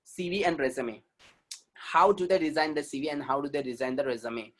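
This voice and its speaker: An Indian-accented man gives an online webinar talk as a communication trainer, with a voice pitched high for a man. He speaks emphatically, repeats his key points and often asks the audience questions. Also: brisk.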